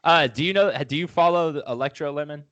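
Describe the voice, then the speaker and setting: A man co-hosting a podcast, chatting casually, excitable, swearing and acting out little scenes. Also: a little high, quick pace, lo-fi sound. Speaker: podcast co-host. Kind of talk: casual chat.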